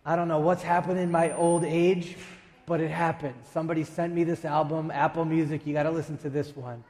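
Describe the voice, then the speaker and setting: A man preaching a sermon as a pastor, emphatic, with dramatic pauses and quick asides. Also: on the high side, little pitch movement, darkish tone, big-room sound. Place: church sanctuary.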